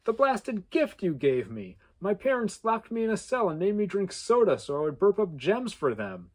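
A man voicing an angry young man in a read-aloud story, shouting his demands. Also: high voice, big pitch swings, normal speed, voice pushed up.

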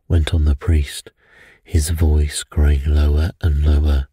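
A man narrating a bedtime detective story in a soft, measured, soothing way. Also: very deep voice, level tone, slightly rough, no echo, studio quality.

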